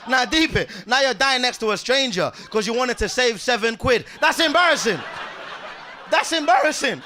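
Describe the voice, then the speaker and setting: High, bright-voiced young comic. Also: male voice. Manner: animated, loud and laughing, uses slang. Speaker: stand-up comedian. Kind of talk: stand-up comedy set. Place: comedy club stage. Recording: live club with faint room noise.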